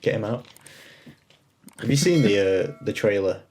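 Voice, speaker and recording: A young man co-hosting a casual podcast over a remote recording, chatting like a film buff and pausing often on "uh". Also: fairly low pitch, animated, darkish tone, slight background noise. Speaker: podcast co-host. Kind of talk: casual chat. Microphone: remote call recording.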